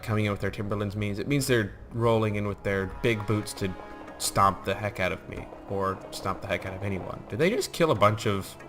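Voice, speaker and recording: A man's voice: fairly low pitch, fairly bright tone. A man giving casual, rambling commentary over his own strategy gameplay, joking and acting out the soldiers in silly voices. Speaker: gaming YouTuber.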